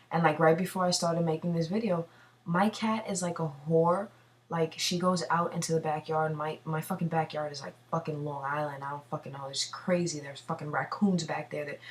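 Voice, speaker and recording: A young woman tells a story in a rambling, profane, animated way, sitting at a computer in her home bathroom. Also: sits low, recorded from a distance. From New York City. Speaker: vlogger. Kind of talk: casual storytelling. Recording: voice from away from the mic.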